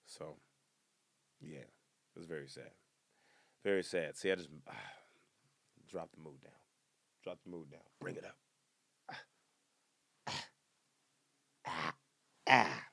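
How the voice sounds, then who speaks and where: Deep-voiced joking podcast man. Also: unhurried, creaky, pauses often, no echo. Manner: jumps between topics with joking asides; bursts into loud excited outbursts. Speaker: comedian podcast host. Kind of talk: casual rambling monologue.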